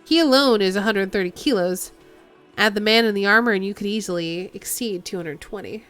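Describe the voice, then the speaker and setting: A woman streamer narrates a video game in a quiet, reflective voice of middling pitch. She reads the text at an easy pace and adds her own remarks now and then. Faint music plays underneath. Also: a little fast. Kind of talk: reading a video game aloud.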